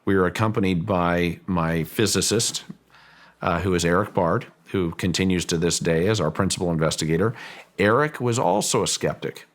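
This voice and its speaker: A deep-voiced, middle-aged man who owns property recounts a personal story in an interview. He halts and repeats words while he thinks.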